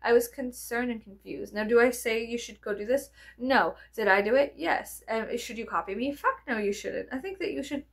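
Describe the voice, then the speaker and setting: A woman, telling rambling stories in a chatty, profane, animated way. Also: a little high, moderate pace, hardly any pauses. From American South. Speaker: vlogger. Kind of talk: rambling casual storytelling.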